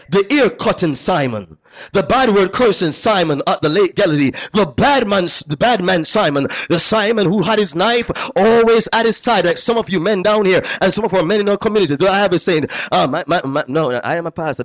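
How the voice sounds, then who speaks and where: A man preaching a sermon as pastor, calling out to the congregation with repeated phrases and "uh" fillers. He drops into hushed asides, then climbs into loud, high exclamations. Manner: call-and-response preaching, repetitive, frequent "uh" fillers.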